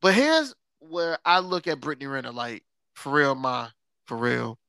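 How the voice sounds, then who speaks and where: A man hosting a podcast in casual chat, sarcastic and quick to laugh, stretching words for emphasis. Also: medium pitch, big pitch swings, vocal fry, bright, forceful tone, smooth, no echo. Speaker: podcast host.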